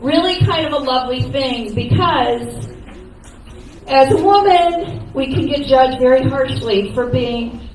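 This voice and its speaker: Slow-talking woman telling frank jokes. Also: high-pitched, darkish tone. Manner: candid and joking, laughing between lines. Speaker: stand-up comedian. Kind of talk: comedic eulogy. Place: comedy cafe stage, live. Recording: echoey room from far off, noisy.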